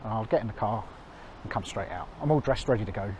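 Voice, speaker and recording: A man's voice: fairly low pitch, quick pace, background noise. A man with a chatty, self-mocking manner, talking to a handheld camera while out on a country walk. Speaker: vlogger. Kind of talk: walking vlog to camera.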